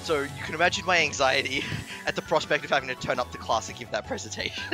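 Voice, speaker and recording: A man telling a long personal story in casual chat, animated, swearing and laughing as he goes. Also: a little high, fast talker, over music. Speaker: stream commentator.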